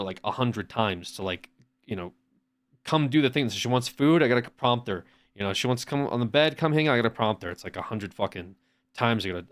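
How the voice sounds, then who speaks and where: A man streaming from home, chatting casually in a rambling way with lots of restarts and swearing. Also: mid-range voice. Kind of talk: casual chat.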